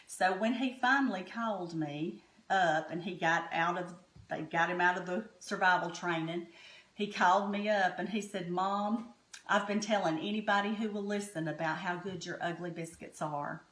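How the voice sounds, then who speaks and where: A woman's voice: on the low side, fairly even intonation, normal speed. A middle-aged woman with a Southern American accent, chatting homey and folksy while cooking in her home kitchen. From Southern United States. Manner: homey, chatty, warm-hearted storytelling. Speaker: home cook host. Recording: echoey kitchen room.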